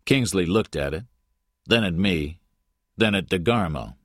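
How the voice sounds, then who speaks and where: A man narrating an audiobook in the first person, clipped and deliberate. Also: deep voice, expressive, dry recording, studio quality.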